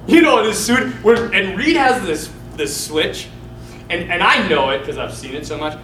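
A man's voice: high-pitched, sing-song, normal speed, fairly bright tone, reverberant, a little hiss or hum, rough recording. A man, a Catholic priest, telling casual stories with frequent laughs, jokes and side stories. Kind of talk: casual storytelling to listeners.

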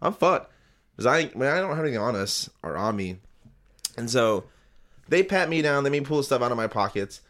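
A man's voice: mid-range voice, brisk. A man casually telling a story, laughing often, swearing, and acting out what others said. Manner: animated, laughing, swearing, acts out quotes.

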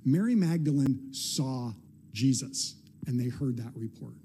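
A man's voice: mid-range voice, lively intonation, unhurried, mellow, husky. A male pastor preaching a sermon in a casual, conversational way, now and then acting out short quoted lines with a playful touch.

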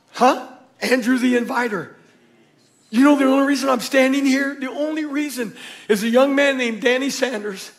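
A middle-aged male pastor preaching a sermon, telling stories and acting out the voices, dropping to a hush and then rising to a shout. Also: very high voice. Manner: storytelling preacher, acts out voices, swings from hushed to shouting.

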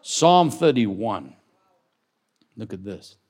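A man preaching a sermon as pastor, building loud emphatic declarations and dropping low to read scripture and question the congregation. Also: big pitch swings, drawn-out words.

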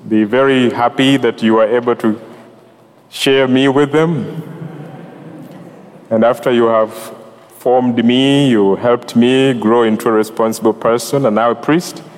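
A Ugandan-accented male priest delivers a sermon at an unhurried pace. His voice sits at an ordinary pitch and carries a long reverb from the church around him. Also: steady tone. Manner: slow, warm-hearted address with soft laughs and measured pauses.

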